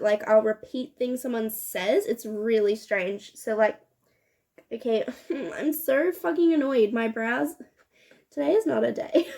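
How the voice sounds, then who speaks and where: A woman's voice: fairly high pitch, creaky, darkish tone. A young woman chatting casually while doing her makeup, laughing and swearing often. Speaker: beauty vlogger. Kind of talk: get-ready-with-me chat.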